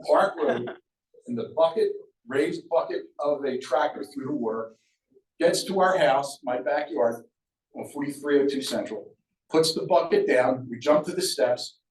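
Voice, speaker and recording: An older man from Sea Isle City, New Jersey, shares local memories at a public storytelling talk in a museum event room. His middle-pitched voice is lively and conversational, and he acts out quoted voices. The mic sits far off, so the hall sounds roomy and echoey.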